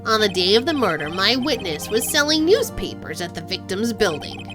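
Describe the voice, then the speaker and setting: A woman voicing a smug, middle-aged male prosecutor in a game, speaking low and slow. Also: very animated, music in the background, lightly acted. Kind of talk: game voice-over.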